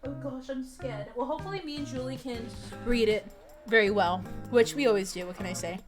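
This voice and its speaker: A young woman streaming, chatting casually with viewers in a bubbly, excitable way as she gets ready to read a fanfic aloud. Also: on the high side, brisk, music in the background. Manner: bubbly, excitable, repeats greetings. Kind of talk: casual livestream chat.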